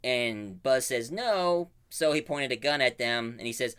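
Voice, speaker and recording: A man casually retelling a cartoon plot as a reviewer, with animated storytelling full of fillers. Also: mid-range voice, normal speed, few pauses, smooth.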